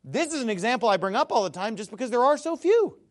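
A Bible commentator with a high voice delivers a fast, animated video monologue, his pitch swooping and swinging widely. He is emphatic and scornful, repeats words as he presses on, and erupts into loud shouts.

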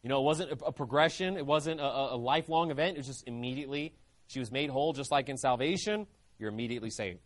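A man's voice: mid-range voice, quick pace. A man preaching a sermon, fervent and emphatic.

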